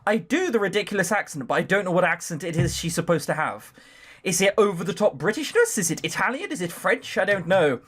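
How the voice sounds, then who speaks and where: Animated, higher-pitched male let's player. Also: brisk, breathy edge. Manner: animated, rambling, jokey. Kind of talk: reading a visual novel aloud with commentary.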